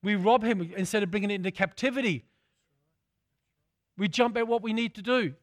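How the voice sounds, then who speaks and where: A man's voice: high-pitched, fairly quick, no echo, clean studio sound. A man preaching a sermon, repeating phrases for emphasis and calling out to his congregation.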